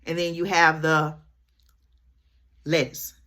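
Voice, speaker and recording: A woman with a low-pitched voice talks straight to her viewers in a chatty commentary. She keeps checking in with them as she goes. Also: little pitch movement, slow pace, a bit bright. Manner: chatty, keeps addressing viewers with "y'all" and "okay?". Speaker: vlogger. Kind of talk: commentary to camera.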